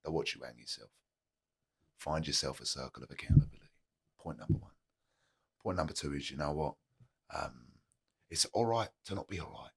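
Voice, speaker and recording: A man with a very low, gravelly, husky voice talks candidly as a podcast guest. He is earnest and motivational, repeats his key lines for weight, and has a rough grain underneath. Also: animated, fairly quick, pauses often. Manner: earnest and motivational, plain-spoken, uses repetition. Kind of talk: candid conversational storytelling.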